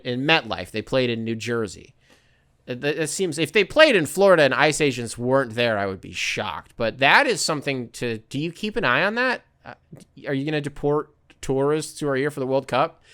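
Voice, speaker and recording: Guy hosting his own podcast, clear smooth voice, rambling sarcastic rant, swears a lot. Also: mid-range voice, fairly bright tone. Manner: sarcastic, profane, rambling with mocking impressions. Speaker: podcast host. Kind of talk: casual solo rant.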